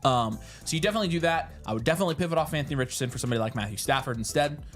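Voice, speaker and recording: A man's voice: medium pitch, animated, very fast, faint music behind. A man co-hosting a podcast, chatting casually and rambling through advice with lots of fillers and restarts. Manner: rambling with filler words and restarts, laughs easily. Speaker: podcast co-host. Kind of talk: casual fantasy football advice chat.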